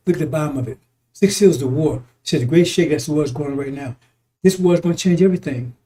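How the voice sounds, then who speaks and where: A man preaching in an easy, high voice with a warm, dark tone. His delivery is emphatic and repetitive, broken by frequent chuckles, and he swears casually as he works through scripture. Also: slight background noise. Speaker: religious teacher.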